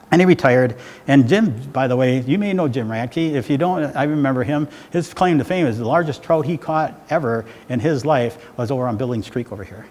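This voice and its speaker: A middle-aged man gives a public talk in a loose, rambling storytelling style, often checking in with "right?". His mid-range voice is slightly mellow, and the recording carries hall reverb with faint background noise.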